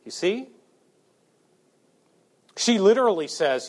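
A male preacher delivers a sermon with a high, animated voice that swoops far up and down. He keeps asking his listeners rhetorical questions and acts out the quotes he gives. His pitch stays well above most men's. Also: a little slow.

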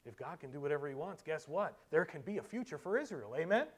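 High-voiced preacher with dramatic swings. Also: male voice, big pitch swings, fast talker, husky. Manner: swings from loud emphatic preaching to quiet asides. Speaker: pastor. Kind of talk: sermon.

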